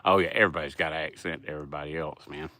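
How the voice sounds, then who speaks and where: A man's voice: rumbling low, fairly even intonation, rapid-fire, pushed and bright, no echo. A middle-aged man with a Southern US accent, hosting a casual livestream and rambling in a folksy way as he answers chat. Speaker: livestream host.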